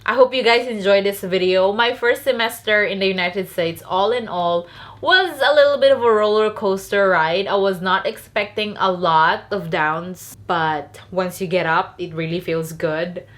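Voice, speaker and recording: A young woman from the Philippines with a Filipino accent, telling a candid, chatty storytime vlog. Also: mid-range voice. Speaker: vlogger.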